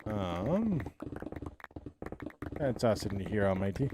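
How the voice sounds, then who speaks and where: A man's voice: on the low side, normal speed, long pauses, dark tone, a little hiss or hum. A young man streaming live, chatting casually with viewers and thinking aloud in a loose, rambling way that often trails off.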